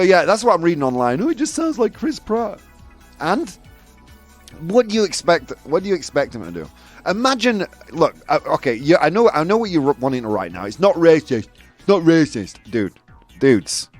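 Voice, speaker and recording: Male host of a live chat show: animated, teasing, laughs a lot, his pitch swinging high and low over faint music. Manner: animated, laughs often, provocative asides.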